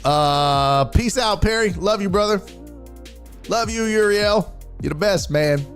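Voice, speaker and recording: A man hosting a casual sports talk live stream, joking, swearing and laughing often while reading viewer comments, his voice a bit rough and hoarse. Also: high-pitched, slow, faint music behind. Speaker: sports talk show host.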